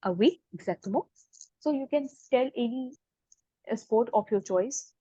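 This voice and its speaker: A woman's voice: fairly high pitch, animated, warm tone, breathy edge, dry recording, muffled recording. A woman with an Indian English accent teaching a beginners' French class, patiently explaining and quizzing students. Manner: patient, explains slowly, asks questions and corrects. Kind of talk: online language class.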